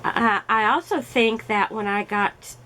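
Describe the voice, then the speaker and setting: A woman's voice: on the high side, unhurried, sharp tone, slight background noise, low-quality recording. A middle-aged woman vlogging casually while crafting, telling a story in a chatty way with fillers as her voice recovers.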